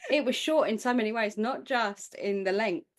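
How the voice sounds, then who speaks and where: A woman's voice: a little high, normal speed. A woman co-hosting a podcast in a casual chat, making dry joking asides. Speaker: podcast co-host.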